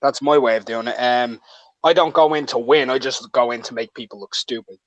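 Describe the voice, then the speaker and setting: A man talking as a guest in a casual chat, explaining his points in a measured way with some hesitation. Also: mid-range voice, dry recording, highs cut off.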